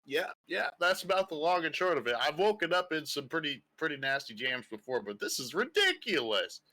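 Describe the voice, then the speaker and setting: A man voicing a grubby, rough male half-orc monk who talks loud and brash. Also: fairly high pitch, very animated, a little fast, voice pushed up. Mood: rueful. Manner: loud, brash and suspicious in character.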